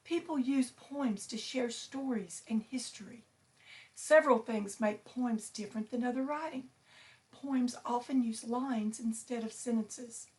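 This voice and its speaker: A woman teacher reading a picture book aloud to her students, slow and clear, stressing each syllable. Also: fairly high pitch, a little mellow.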